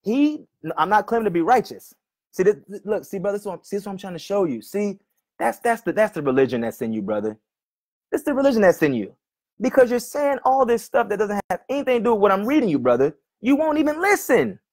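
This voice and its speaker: A male preacher arguing with a commenter online, often calling him brother and reading scripture slowly and repeatedly. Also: high-pitched, very animated, a little mellow. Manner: argumentative, keeps addressing "brother", reads verses slowly and repeats them.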